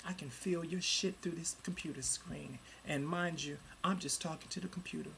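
Gravelly forty-something ranting into a computer. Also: fairly even intonation, normal speed, hardly any pauses, slight background noise. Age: 40s. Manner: profane and heated, swinging between loud outbursts and low muttering. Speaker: vlogger. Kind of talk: angry webcam rant. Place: at home in front of a computer.

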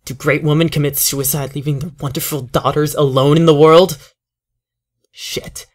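A man voicing a furious grieving widower who shouts bitter accusations. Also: medium pitch, flat delivery, moderate pace, lightly acted. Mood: bitter rage.

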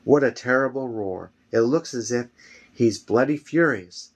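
A man's voice: medium pitch, measured pace, breathy edge. A man doing a fretful young bard. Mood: uneasy. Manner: agitated, exclaiming.

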